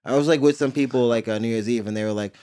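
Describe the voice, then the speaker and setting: A man's voice: mid-range voice, very fast, mellow. A man in his thirties from New Jersey, co-hosting a podcast in a slangy, profane, laughing way. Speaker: podcast co-host. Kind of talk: casual chat.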